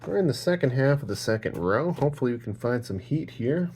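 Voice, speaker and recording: A man's voice: mid-range voice, expressive, brisk, darkish tone, a little hiss or hum. A man chatting casually while sorting trading cards, rambling with jokes and profane rants. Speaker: card-opening channel host.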